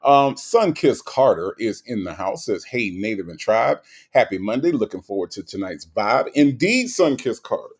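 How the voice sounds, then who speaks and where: A man hosts a casual livestream, talking to his viewers one by one. His pitch swings up and down a great deal as he greets them and answers their chat messages. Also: moderate pace, breathy edge. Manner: animated, greets viewers by name and reads chat aloud. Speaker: livestream host.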